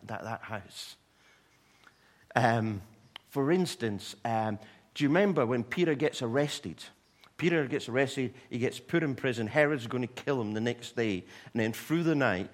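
Husky man preaching with lively storytelling. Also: medium pitch. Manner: animated, humorous asides to the congregation. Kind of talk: sermon storytelling.

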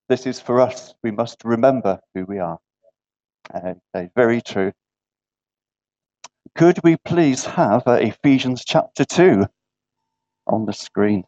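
A man gives an unhurried sermon at a church gathering, taking his time over every phrase. He keeps asking the room questions and checking in with a quick "yeah?". The recording sounds dull and lo-fi. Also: medium pitch, darkish tone. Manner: questions the audience often, with repeated "yeah" checks. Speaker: preacher. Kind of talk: interactive sermon.

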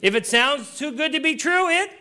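A man with a strikingly high voice preaches a sermon. He delivers it earnestly and breaks in now and then with light joking asides. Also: lively intonation, moderate pace, bright, forceful tone. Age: adult. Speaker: pastor.

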